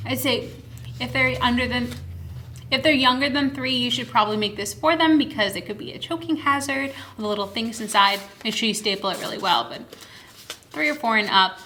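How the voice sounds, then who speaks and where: A young woman who works as a children's librarian walks parents through early reading games. Her voice is bright and sits a little high, and she stays cheerful as she sounds out each word slowly and clearly. She was recorded on the camera mic at a table in a library room. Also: slight background noise. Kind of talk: instructional video for parents.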